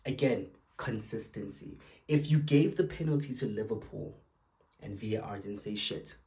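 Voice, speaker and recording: A man's voice: lowish voice, a little mellow. A young man hosting his own show, ranting angrily about football refereeing with lots of swearing and sarcastic outbursts. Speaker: podcast host. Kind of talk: angry football rant.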